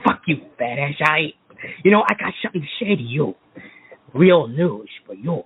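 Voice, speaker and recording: A man faking a husky, taunting prank caller on a phone line. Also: fairly high pitch, very animated, moderate pace, full character voice. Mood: mocking. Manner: taunting, mocking put-on voice. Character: male prank caller posing as the host.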